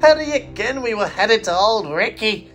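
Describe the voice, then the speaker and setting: A man doing a gruff, huffy steam engine from a storybook, wary of everyone, voice swinging up and down a lot, some soft music underneath. He snaps and grumbles. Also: mid-range voice, lively intonation, a little slow. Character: gruff proud Scottish steam engine, male. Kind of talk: audiobook fan story reading.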